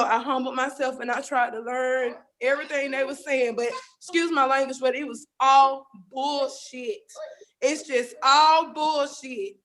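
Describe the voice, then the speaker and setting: A woman's voice: sits high, fairly bright tone. A woman caller on a group call, tearful and emotional, thanking the hosts in a rambling way. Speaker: caller who won a raffle.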